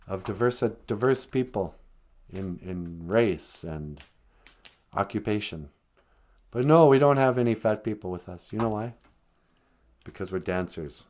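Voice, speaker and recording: A man's voice: medium pitch, a little mellow, lightly acted. A man voicing a young Native man who speaks for his group in a grandly earnest, projecting way. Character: young Native man, bold gang spokesman.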